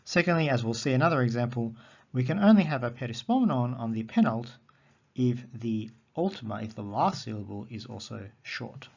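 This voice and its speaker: A man teaching a recorded lesson on Greek accents, methodical and repeating key terms slowly. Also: mid-range voice, animated, creaky, darkish tone, highs cut off.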